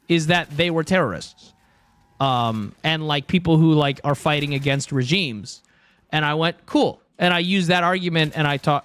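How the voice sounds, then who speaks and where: Rambling, profane young guy, slightly high. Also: a bit bright. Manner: rambling and profane, with constant "dude" and "bro". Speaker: livestreamer. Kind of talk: casual stream chat.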